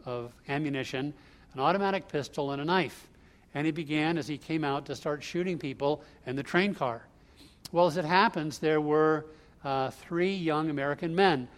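A man telling a story off the cuff, halting often with fillers and restarts. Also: on the high side. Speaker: speaker recounting a news event. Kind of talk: unscripted spoken storytelling.

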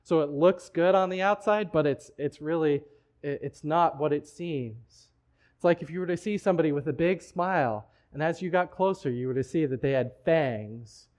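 A man's voice: on the high side, moderate pace, darkish tone. A man preaching a sermon in a church, talking in a conversational way with frequent restarts. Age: adult, married. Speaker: pastor.

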